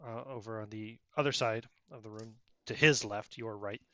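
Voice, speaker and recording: A man's voice: fairly low pitch, fairly even intonation, moderate pace, sharp tone, dry recording. A man narrating as game master in a loose, chatty way, with many fillers.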